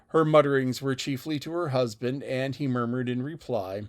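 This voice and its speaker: A man reading a classic novel aloud as an audiobook narrator, measured and even. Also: medium pitch. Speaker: audiobook reader.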